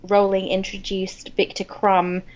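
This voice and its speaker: A woman's voice: mid-range voice, monotone, unhurried, a little mellow, lo-fi sound. An English woman co-hosting a casual book chat, rambling with many restarts. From England. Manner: chatty, wanders off topic, many restarts. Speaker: book podcast co-host.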